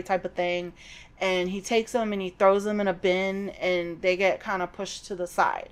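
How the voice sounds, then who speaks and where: A woman's voice: mid-range voice, fairly even intonation, moderate pace, clean tone. A middle-aged woman hosting a podcast, giving a chatty, digressive recap of a novel with personal asides. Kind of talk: casual book recap.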